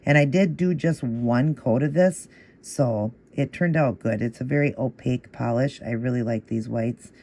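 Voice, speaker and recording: A man talks through a nail art tutorial in a casual, step-by-step way. His voice is gravelly and mellow, and he patiently repeats each move in a steady rhythm while encouraging the viewer. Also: mid-range voice, moderate pace.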